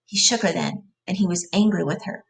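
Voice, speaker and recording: Woman teacher reading aloud, gravelly, plain delivery w/ quick side explanations. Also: fairly low pitch, far from the mic.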